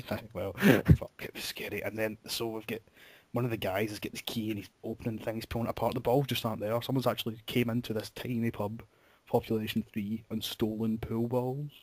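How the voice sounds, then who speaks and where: A man's voice: fairly low pitch, little pitch movement, brisk, darkish tone, no echo. A young man hosting a podcast, telling a rambling story with swearing and laughter. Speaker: podcast host. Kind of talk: casual storytelling chat.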